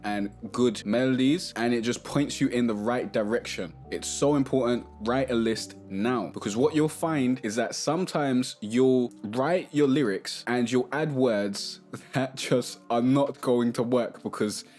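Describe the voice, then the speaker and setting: A man hosting a rap melody tutorial in a relaxed, chatty way, breaking into short sung snippets now and then. His voice sits at an ordinary middle pitch. A little music plays faintly behind him. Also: measured pace. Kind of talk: casual tutorial talk to camera.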